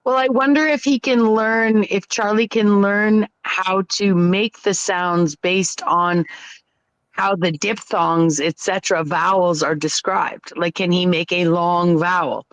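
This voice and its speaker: A woman's voice: fairly low pitch, steady tone, dry recording. Thoughtful woman musing in chat. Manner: thoughtful, musing, slow-spoken. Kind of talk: casual chat.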